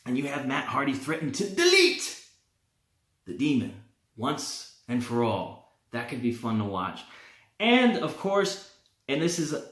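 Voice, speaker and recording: A man hosting a wrestling vlog, talking in an animated, opinionated way and laughing now and then. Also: mid-range voice, unhurried, pauses often. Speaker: wrestling vlogger. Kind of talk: casual fantasy-booking talk. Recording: roomy, echoey.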